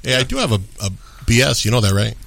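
Lisping man, bright casual voice. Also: mid-range voice, big pitch swings, fast, vocal fry, slight background noise. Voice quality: lisp. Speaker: comedian guest. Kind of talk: casual podcast chat. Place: podcast studio.

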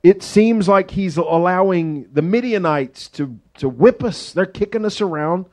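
A man's voice: on the high side, a little mellow. A middle-aged man preaching a sermon as pastor, conversational and joking, acting out the voices in the story he tells.

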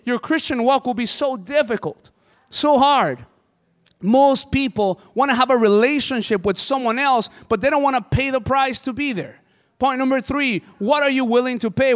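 A man's voice: very high voice, a bit bright, clean tone. A man preaching a sermon as pastor, impassioned and conversational. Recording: hall reverb.

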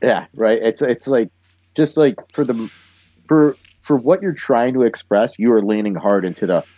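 A man's voice: mid-range voice, moderate pace, mellow, dry recording, lo-fi sound. A man co-hosting a podcast, recapping an episode in casual chat with wry, laughing commentary. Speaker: podcast co-host.

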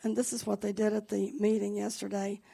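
A woman's voice: mid-range voice, monotone, brisk, creaky, dark tone. A woman pastor giving a sermon in an encouraging, conversational way.

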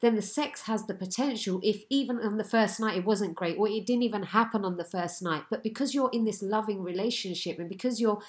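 A woman's voice: medium pitch, brisk, hardly any pauses. A woman hosting a podcast, responding to her guest in an earnest, reflective way. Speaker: podcast host. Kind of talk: casual conversation.

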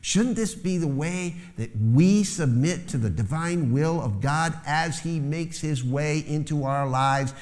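A man's voice: a little high, unhurried, hardly any pauses, darkish tone. A man preaching a sermon as pastor, lifting his voice to stress key phrases. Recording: long hall reverb.

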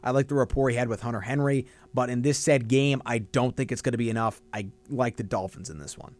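A man co-hosting a casual sports podcast. He gives analytical, stat-heavy game picks in a measured way. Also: mid-range voice, a little mellow.

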